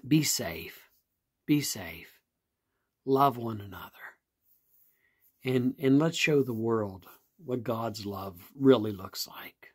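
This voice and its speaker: A pastor from Virginia, telling a story in an earnest, plain-spoken way and repeating phrases for emphasis. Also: male voice, medium pitch, darkish tone, husky. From West Virginia. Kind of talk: storytelling sermon.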